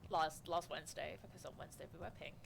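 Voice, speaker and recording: A woman's voice: low voice, fast talker, vocal fry, a little hiss or hum. A woman co-hosting a let's play, chatting in a giggly, rambling way full of "like"s. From United Kingdom. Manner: animated, giggly, rambling with many "like"s. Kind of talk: casual chat over gameplay.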